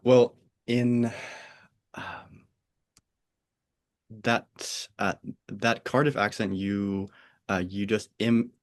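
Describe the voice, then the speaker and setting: American male podcast host, flat accent, halting, restarts often, laughs easily. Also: on the low side. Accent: General American. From United States (Pennsylvania, Oregon). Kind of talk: casual chat.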